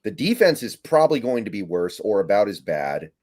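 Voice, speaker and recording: A man with a fairly low voice lays out his opinions plainly and without fuss. He sounds matter-of-fact, a guest weighing in on a casual sports talk stream. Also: sing-song, brisk, a little mellow. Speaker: guest analyst.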